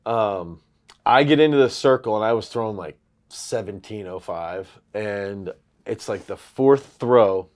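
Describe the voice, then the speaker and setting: A man in his thirties with a low voice co-hosts a throws coaching show. He talks casually and gets loud and animated when he tells a story. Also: unhurried. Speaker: throws coach, podcast co-host. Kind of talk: casual sports chat.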